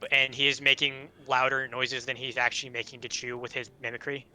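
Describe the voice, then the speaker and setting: A man narrating as game master of an online tabletop game, relaxed and hesitant with fillers. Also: medium pitch, brisk, rough recording.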